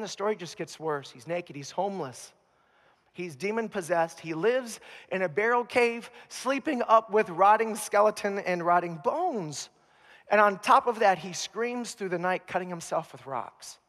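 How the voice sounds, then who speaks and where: A man preaching a sermon as pastor, telling the story with humor and animated asides. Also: high-pitched, big-room sound. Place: church.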